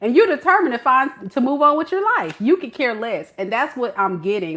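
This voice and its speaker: A woman tarot reader giving a reading to the camera in an animated, playful, slangy way, laughing often. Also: fairly high pitch, fairly quick, hardly any pauses.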